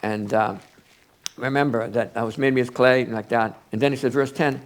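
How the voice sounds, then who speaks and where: An older man preaching an informal Bible study, halting and rambling with many restarts. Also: mid-range voice, fairly even intonation.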